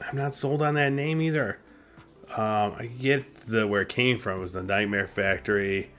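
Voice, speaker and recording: A man's voice: fairly low pitch, steady tone, normal speed, a bit bright, faint music behind. A man hosting a casual recap, chatty and opinionated, with lots of fillers. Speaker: wrestling show reviewer and host.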